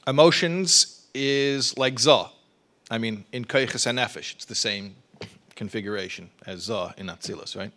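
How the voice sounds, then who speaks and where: A man teaches a religious study class in a medium-pitched voice that sounds pushed and bright. He explains ideas through rhetorical questions, quick restarts and repeated words.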